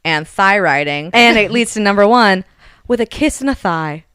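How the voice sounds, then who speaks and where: A woman's voice: mid-range voice, moderate pace. A woman co-hosting a podcast, casually retelling a romance novel's plot and acting out its dialogue. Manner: lively retelling with quoted dialogue. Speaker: podcast co-host summarizing a book. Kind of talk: casual chat.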